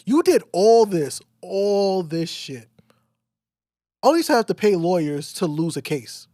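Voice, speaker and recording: A man's voice: high voice, big pitch swings, takes it slowly, mellow, no echo, studio quality. A young man co-hosting a podcast in casual chat, blunt and exasperated, swearing freely. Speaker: podcast co-host.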